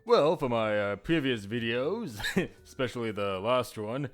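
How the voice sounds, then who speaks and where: A man's voice: medium pitch, expressive, a little slow, soft background music. A man hosting his own video, chatting casually to viewers in a rambling, self-mocking way with frequent chuckles. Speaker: YouTuber host. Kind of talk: casual solo chat to viewers.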